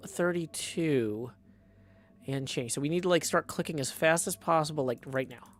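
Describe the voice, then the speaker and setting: A man's voice: on the high side, moderate pace. A man chatting casually on a live stream while he plays. He hums tunelessly, mutters to himself and slips in dry joking asides. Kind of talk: casual livestream chat while playing.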